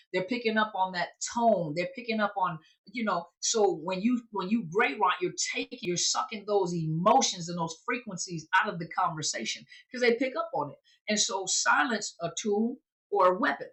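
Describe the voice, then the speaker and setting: A woman's voice: medium pitch, lively intonation, normal speed, fairly bright tone. A woman therapist and recovery coach giving an informal teaching talk, conversational and repeating phrases for emphasis.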